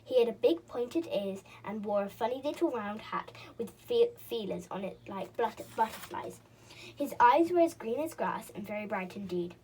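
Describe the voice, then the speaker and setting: A woman reading a children's storybook aloud in an expressive way, with a few slips and restarts. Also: fairly high pitch, moderate pace, a little hiss or hum.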